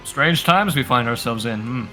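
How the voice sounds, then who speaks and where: Man, tabletop player, bright tone, middle pitch, reassuring, repetitive. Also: expressive, normal speed, soft background music. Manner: reassuring, repeats phrases. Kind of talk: casual tabletop play.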